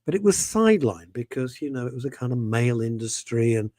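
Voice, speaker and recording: A man's voice: medium pitch, sing-song, fast, mellow, no room sound. A man hosting a radio talk show, voicing his opinions with passion and a lot of emphatic repetition. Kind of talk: casual talk radio chat.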